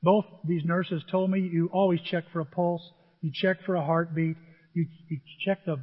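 High-voiced older man preaching in a hall. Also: moderate pace, phone-quality sound. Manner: animated storytelling, mimics voices. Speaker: pastor. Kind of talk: sermon.

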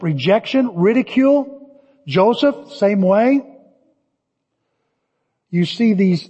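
Older male pastor, high-pitched and husky, animated storyteller, lo-fi recording in a reverberant hall. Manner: animated storytelling, shouting cheers in quotes. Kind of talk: sermon. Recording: dull lo-fi audio with long hall reverb.

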